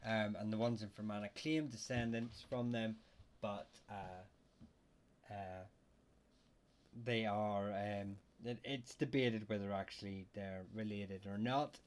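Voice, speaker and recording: A man's voice: on the low side, fairly even intonation, slow. Hesitant man hosting a live chat. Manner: hesitant, many fillers and restarts; reads chat questions aloud. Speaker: livestream host answering viewer questions. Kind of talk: casual livestream chat.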